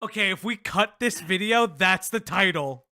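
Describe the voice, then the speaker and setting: A man's voice: high voice, lively intonation, moderate pace, noisy background. A man hosting a live reaction stream, mocking what he watches with incredulous remarks and bursts of laughter. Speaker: commentary stream host.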